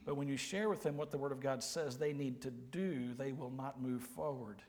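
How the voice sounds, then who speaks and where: A man, preaching a sermon with folksy, humorous storytelling and quiet, earnest emphasis. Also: medium pitch, normal speed. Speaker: pastor. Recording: long hall reverb.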